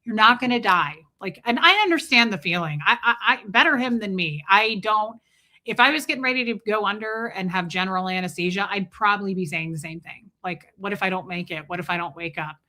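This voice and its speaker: A woman's voice: medium pitch, a little fast, pushed and bright. A woman hosting a casual livestream, telling a rambling personal story and breaking off to greet chat viewers by name. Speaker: livestream host.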